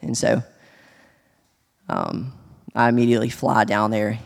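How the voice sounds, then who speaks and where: A man sharing a personal testimony in church, speaking earnestly and haltingly, with many restarts. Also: fairly low pitch, huge pitch swings, gravelly. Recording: long hall reverb.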